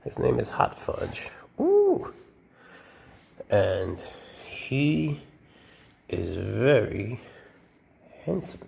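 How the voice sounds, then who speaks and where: Guy with a gravelly voice, casual snake-keeper chat, coos at his pets. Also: lowish voice, animated, extremely slow, long pauses, a little hiss or hum. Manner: chatty, coos at his snakes, often drops to a hushed murmur.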